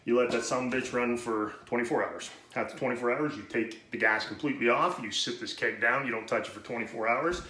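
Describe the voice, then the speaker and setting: A man's voice: medium pitch, fast, few pauses, pushed and bright. A man hosting a home brewing video, giving a casual how-to demonstration in a rambling, profane way and talking himself out of breath. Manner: rambling, profane, self-interrupting. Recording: roomy echoey room, faint noise.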